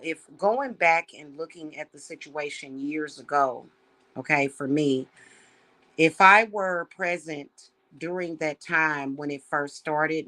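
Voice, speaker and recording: Slow, heartfelt woman spiritual host. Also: low voice, pushed and bright. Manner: slow, heartfelt, emotional, addresses viewers as y'all. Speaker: witch and spiritual reader. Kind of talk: casual spiritual talk to viewers.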